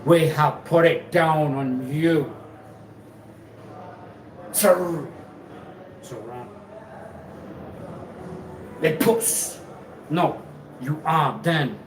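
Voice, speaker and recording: A man hosting a live stream, rambling and halting, who repeats himself and laughs often. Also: fairly high pitch, distant mic. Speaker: livestream host. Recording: echoey room, off-mic, noisy ambience.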